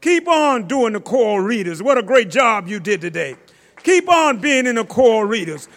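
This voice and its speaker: A male pastor preaching a sermon, swinging between shouted rises and slow, drawn-out phrases. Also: extremely high pitch, sing-song. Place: church sanctuary. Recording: long church-hall reverb.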